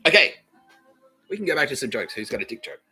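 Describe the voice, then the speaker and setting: A man's voice: medium pitch, big pitch swings, fast, bright, forceful tone, soft background music, poor audio. A man hosting a comedy podcast, delivering a profane, repetitive monologue and laughing at his own lines. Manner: swears constantly, repeats phrases, laughs at own lines. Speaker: podcast host.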